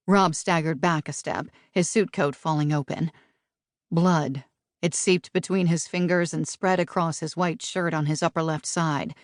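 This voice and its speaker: A woman narrating a novel for an audiobook in a steady, measured way, recorded close on a studio mic. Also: lowish voice, dry recording.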